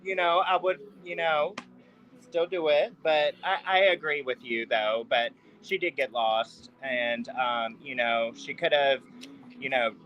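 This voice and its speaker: A man's voice: medium pitch, unhurried, fairly bright tone, lo-fi sound. Hesitant, agreeable male co-host. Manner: hesitant, filler-heavy, agreeable. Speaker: podcast co-host. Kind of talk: casual chat.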